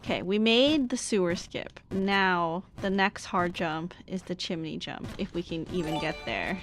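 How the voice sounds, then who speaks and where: A woman's voice: fairly low pitch, measured pace, few pauses, faint music behind. A woman streamer chatting casually with viewers while playing a game, thanking them as she goes. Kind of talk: casual live-stream chat while gaming.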